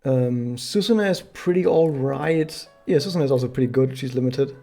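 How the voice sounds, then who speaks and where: Chatty male streamer, mellow voice. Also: medium pitch, normal speed, gravelly, faint music behind. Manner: chatty, explains pronunciation with many fillers. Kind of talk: casual gameplay commentary to chat.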